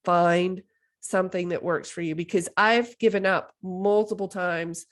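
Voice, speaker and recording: On her casual solo podcast, a thirtysomething woman talks with enthusiasm, full of "like" and "you know." She's unhurried, with a lowish voice and fairly even intonation.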